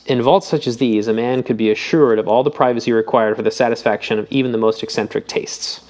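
A man's voice: mid-range voice, steady tone, fast, darkish tone, close to an everyday voice. A man voicing an eager young man reading old papers aloud, his voice rising on questions.

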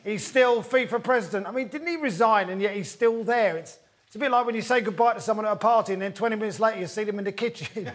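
A man hosting a comedy football quiz in front of a live audience, with quick, jokey patter. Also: sits high, a bit bright. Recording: live audience laughing behind. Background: audience laughter.

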